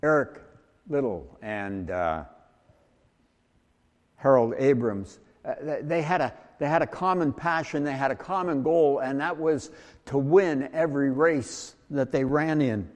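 A man preaching a sermon, talking slowly and haltingly with frequent restarts and fillers. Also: medium pitch, big-room sound. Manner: slow, halting delivery with many restarts and fillers. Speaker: pastor.

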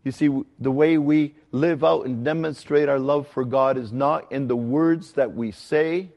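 Gravelly-voiced man preaching in a reverberant hall. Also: medium pitch, lo-fi sound. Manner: conversational, earnest teaching with emphatic slow stresses. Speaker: pastor. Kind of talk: sermon.

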